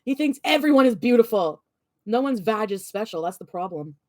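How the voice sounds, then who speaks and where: A woman's voice: a little high, lively intonation, brisk, a little mellow, dry recording, studio quality. A woman vlogger venting and ranting, swearing often and rambling. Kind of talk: ranting vlog.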